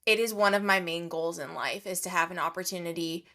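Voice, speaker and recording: A woman's voice: lowish voice, fairly quick, bright, forceful tone. A woman co-hosting a podcast, sheepishly confiding in casual chat with hesitant restarts. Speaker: podcast co-host.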